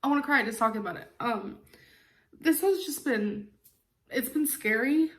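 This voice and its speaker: A woman's voice: on the high side, expressive, normal speed. A woman in her twenties talking emotionally in a confessional vlog, rambling with fillers. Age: 20s. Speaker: vlogger.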